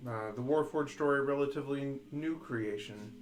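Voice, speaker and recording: A man's voice: mid-range voice, moderate pace, faint music behind, lightly acted. A man voicing an earnest young warforged construct who speaks formally and precisely, with hesitations.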